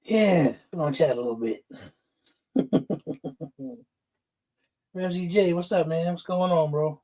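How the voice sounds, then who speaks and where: A man's voice: on the high side, slow pace, mellow. A man hosting a casual livestream, greeting chatters by name, laughing often and getting fired up. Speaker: livestream host.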